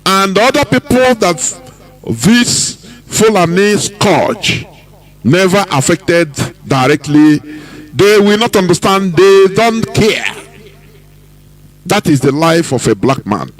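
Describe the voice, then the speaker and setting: A Nigerian man hosting a political radio broadcast, delivering commentary in an emphatic, preaching manner with drawn-out phrases. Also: sits high, sing-song, poor audio. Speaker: radio host.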